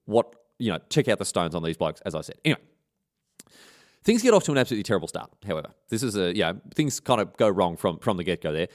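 Fast, slangy storyteller man. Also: deep voice, very animated. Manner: irreverent, slangy, rambling. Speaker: podcast host. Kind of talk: comic history storytelling.

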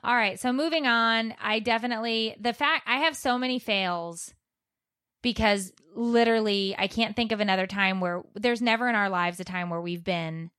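A woman in her thirties, a mother, chatting as a podcast co-host and telling stories with lively, dramatic flair. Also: fairly high pitch, normal speed, clear, resonant tone, dry recording, studio quality. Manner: animated, dramatic storyteller. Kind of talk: casual chat. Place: warm recording room.

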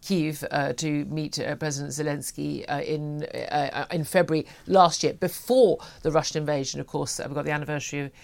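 A woman's voice: sits low, steady tone, fairly quick, gravelly, few pauses. Chatty, opinionated radio host woman. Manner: chatty, opinionated, many fillers. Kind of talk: morning radio talk.

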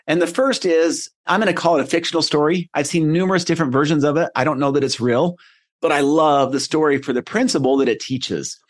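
A man's voice: fairly high pitch, brisk. A middle-aged man hosting a motivational podcast, telling stories in an earnest, conversational way. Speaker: podcast host.

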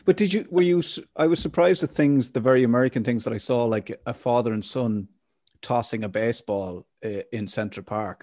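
A man's voice: mid-range voice, brisk, dry recording, studio quality. An Irish man chatting casually on a podcast, telling rambling stories with lots of restarts. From Ireland. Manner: rambling, animated storytelling with restarts. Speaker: podcast co-host. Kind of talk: casual chat.

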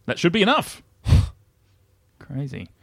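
A man's voice: a little high, very animated, slow pace, gravelly, fairly bright tone, no echo, studio quality. A man hosting a comedy quiz podcast, playfully riffing on the guests' jokes. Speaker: comedy podcast host and quizmaster. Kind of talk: casual comedic banter.

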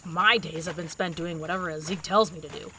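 A woman's voice: fairly low pitch, fairly even intonation, brisk, sharp tone, slight background noise, low-quality recording. A woman playing a brash, impatient young explorer who talks bluntly, swears and uses dry sarcasm in an audio drama. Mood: matter-of-fact.

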